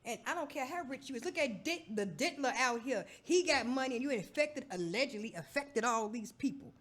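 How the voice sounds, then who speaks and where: Brash, lively-voiced woman. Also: high-pitched, a little fast. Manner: brash, profane, animated storytelling. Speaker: podcast co-host. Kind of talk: casual chat.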